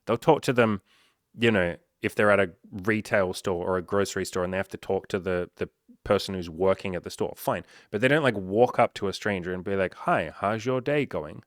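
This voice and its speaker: A man's voice: sits low, a little fast, dry recording, clean studio sound. A man talking as a dating coach in a casual, blunt monologue full of swearing. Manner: blunt and profane, conversational.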